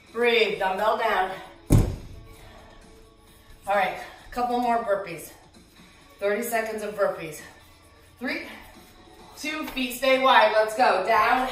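A woman fitness instructor coaching a live workout, out of breath, cueing moves and counts with energetic encouragement. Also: a little high, very echoey, recorded from a distance, rough recording.

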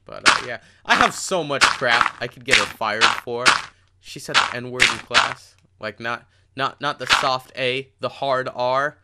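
A man's voice: mid-range voice, measured pace, gravelly. A teenage boy chatting casually while playing a game, self-mocking and tripping over his words. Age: teens. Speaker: gaming channel host. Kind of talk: rambling casual commentary over gameplay. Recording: loud hiss and mouse clicks.

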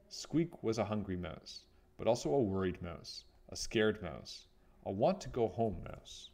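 A man reads a children's picture book aloud in a low voice, taking his time over every line. His delivery rises and falls freely, full of expression for young listeners. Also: gravelly, slight background noise. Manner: expressive, unhurried storytelling. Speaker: children's story reader.

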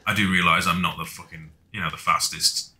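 A man's voice: deep voice, steady tone, brisk, bright, forceful tone, slight background noise. A man casually talking to himself while playing a video game, joking and swearing freely. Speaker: gaming video host. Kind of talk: let's play commentary.

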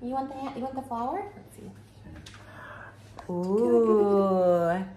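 A woman's voice: a little high, slow, mellow. A woman filming a family vlog, gushing and giggling in baby talk to her infant. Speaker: vlogger parent. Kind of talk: casual family vlog chat.

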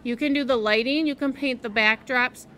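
A woman's voice: sits high, normal speed, a bit bright. A woman voicing an earnest, polite ten-year-old schoolgirl who speaks eagerly and scolds when needed.

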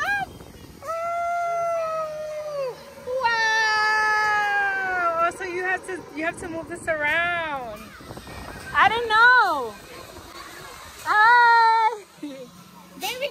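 A woman's voice: extremely high pitch, animated, very slow, heavy background noise. A woman filming her family on a theme park ride, talking baby talk to her toddler. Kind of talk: casual family vlog. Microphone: handheld phone. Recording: loud music over the voice.

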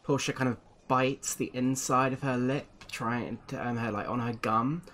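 A man's voice: mid-range voice, level tone, moderate pace, a bit bright, slight background noise. A man playing a tabletop game, describing his character's actions with many fillers. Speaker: player.

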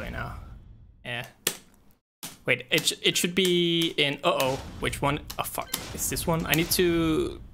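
A young man with a bright, forward voice runs a gaming tournament stream. He talks loosely and rambles, swearing often and leaning on fillers, at an ordinary middle pitch. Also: creaky. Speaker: tournament organizer and stream host. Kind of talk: casual livestream chat.

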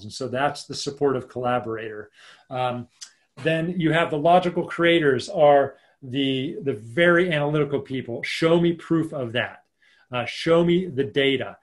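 Over a video call, a man with a fairly high-pitched voice coaches a live online leadership workshop. He keeps it chatty and informal, acting out quick example lines.

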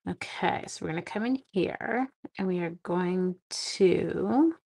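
A woman's voice: fairly low pitch, takes it slowly, creaky, a little mellow. Chatty woman demonstrating crafts. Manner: chatty, talks straight to viewers, silly sound effects. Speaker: card-making demonstrator. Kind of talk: casual live-stream craft demo.

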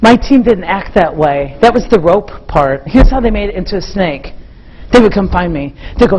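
A middle-aged woman giving a motivational keynote talk, telling stories to a live audience in an animated way. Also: medium pitch, moderate pace, a little hiss or hum, low-quality recording. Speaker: keynote speaker.

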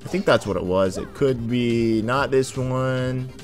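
A man's voice: medium pitch, measured pace, faint music behind. A man casually commenting as he plays a video game and voices its characters. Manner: casual, lively, says dude a lot. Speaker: gaming video host. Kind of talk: casual let's play commentary.

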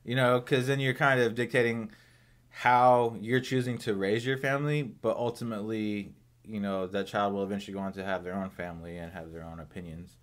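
Podcast guest, male, lowish voice, reflective and rambling with restarts. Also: steady tone, a little fast. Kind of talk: casual chat.

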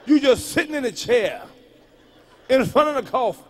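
A man performing live stand-up storytelling, profane and punchy, swinging from muttered asides to sudden yells. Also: very high voice, animated, moderate pace, slightly rough. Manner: loud, profane, punchy delivery that jumps between muttering and yelling. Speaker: stand-up comedian.

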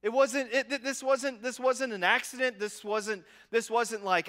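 A man in his forties delivers a sermon in a conversational style, with a sharp, bright tone. He jokes at his own expense and often circles back, repeating half-finished phrases before landing the point. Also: extremely high pitch, steady tone, measured pace. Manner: self-deprecating humor. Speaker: pastor.

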